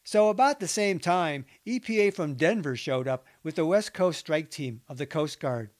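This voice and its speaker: A man narrating a nonfiction account, reading interview quotes in an even, measured way. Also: fairly high pitch. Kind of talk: documentary book narration.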